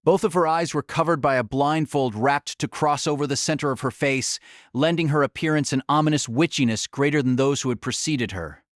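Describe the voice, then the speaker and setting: A man narrating an audiobook in an expressive, dramatic storytelling manner. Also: medium pitch, brisk, dry recording, clean studio sound.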